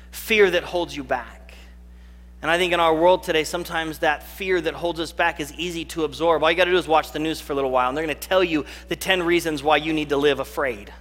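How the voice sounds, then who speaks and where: A man preaching a sermon as a pastor, talking earnestly and slowing right down on key phrases. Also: fairly high pitch, a bit bright, in a large hall.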